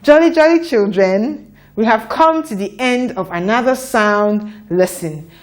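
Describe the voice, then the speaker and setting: A woman teaching a children's phonics lesson, sounding out letters and words slowly for young learners to repeat. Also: a little high, lively intonation. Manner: slow, deliberate, repeats sounds for children to echo.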